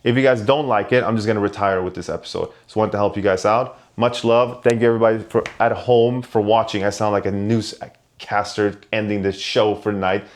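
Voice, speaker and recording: A man's voice: lowish voice, moderate pace. A man who collects and sells Pokemon cards, giving loose, conversational advice to his viewers and often restarting his sentences. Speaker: Pokemon card collector and vendor. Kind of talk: casual advice to camera.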